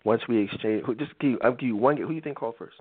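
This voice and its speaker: A man's voice: mid-range voice, rapid-fire. A man hosting a live talk show, lecturing his listeners in an emphatic, preachy monologue and acting out quoted lines in other voices. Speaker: show host. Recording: tinny phone-like audio.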